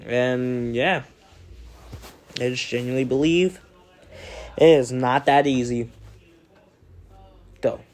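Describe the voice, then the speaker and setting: A teenage boy giving casual, profane video commentary, excitable and prone to sudden outbursts. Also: mid-range voice, slow, pauses often. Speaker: gaming video creator.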